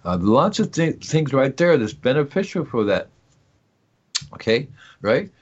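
A man's voice: medium pitch, big pitch swings, measured pace, highs cut off. A man hosting an organic gardening radio show, talking in a rambling, jokey way, asking himself questions and circling back to his points. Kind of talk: casual call-in gardening talk.

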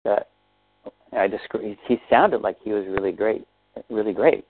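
A man with a low, calm voice leads a tapping therapy session, offering short phrases one at a time for the client to echo back. The sound is thin and phone-like, with no room around it. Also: moderate pace, husky. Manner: calm, guiding, feeds lines to repeat. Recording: thin phone-like audio, dry.

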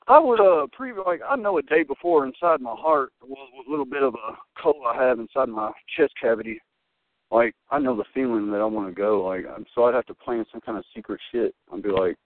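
A young man, a guest, telling rambling, profane, excitable stories full of fillers. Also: mid-range voice, dry recording. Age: young adult. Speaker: wrestling guest. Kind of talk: rambling storytelling. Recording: dry, tinny phone-like line.

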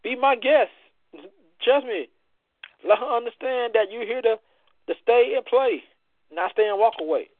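Male show host, high and animated, brash and preachy, dry phone-quality audio. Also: normal speed, pauses often, no room sound. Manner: loud, playful, preachy banter with frequent cursing. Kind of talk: casual radio-style chat.

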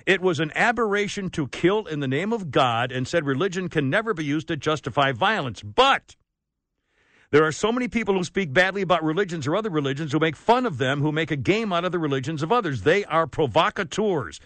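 A man hosting a talk radio show, ranting with sarcasm and indignation, swinging between loud outbursts and low asides. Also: animated, brisk, no room sound. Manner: indignant, sarcastic, rants loudly then drops low. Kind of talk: opinionated talk radio monologue.

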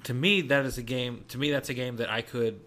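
A man's voice: mid-range voice, steady tone, a little fast, sharp tone. A man co-hosting a casual gaming podcast, explaining game mechanics and dropping dry wisecracks. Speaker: podcast co-host.

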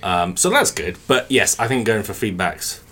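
Laughing low-voiced man chatting on a podcast. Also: big pitch swings, moderate pace, bright, forceful tone. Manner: laughs often, reads listener emails aloud. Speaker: podcast co-host. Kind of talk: casual chat.

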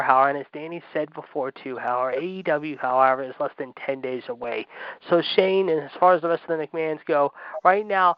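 A man's voice: medium pitch, smooth, dry recording. A man hosting a wrestling talk show, ranting angrily and sarcastically, peppering his speech with "however". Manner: angry, sarcastic, keeps saying "however". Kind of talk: opinionated ranting commentary. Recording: dull lo-fi dry audio.

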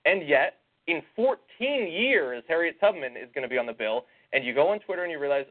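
A man's voice: a little high, lively intonation, a little fast, few pauses. A man co-hosting a casual political talk show, sarcastic and reading out tweets with scorn. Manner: sarcastic, reads out tweets mockingly. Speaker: podcast co-host. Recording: tinny phone-like sound.

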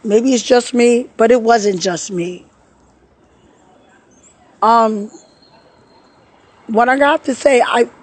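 A woman speaks into a phone camera while sitting in a park, sad and shaken, her delivery halting with repeated words. Her voice sits a little high, with a husky, mellow tone. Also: poor audio. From New York. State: tearful. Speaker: vlogger. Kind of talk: emotional personal vlog. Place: outdoors in a park.

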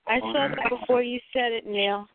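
A slightly high-voiced woman chats agreeably on a conference call. Her voice comes through a tinny phone line with a loud crowd behind her. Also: fairly even intonation, normal speed, creaky. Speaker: caller.

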